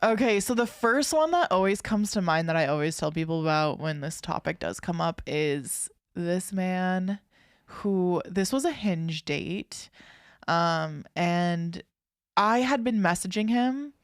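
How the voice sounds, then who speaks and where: A woman's voice: lowish voice, animated, unhurried, smooth, dry recording, studio quality. A young woman co-hosting a podcast, chatting casually and rambling through a story with many fillers and restarts. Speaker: podcast co-host.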